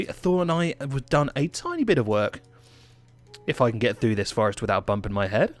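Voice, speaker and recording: A man from England with an English accent, giving chatty, playful gameplay commentary with self-mocking asides. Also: medium pitch. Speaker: gaming channel host.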